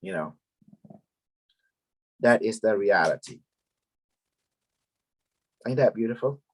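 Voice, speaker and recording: A group leader gives a long, casual spiritual talk to his followers, rambling, repeating words and mixing languages. His voice sits on the low side and he speaks slowly and expressively.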